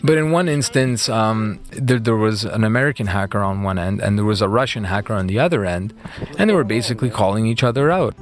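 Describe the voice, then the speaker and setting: A man's voice: on the low side, brisk. A man being interviewed about his past, telling the story in a casual, conversational way with lots of "like" and "you know.".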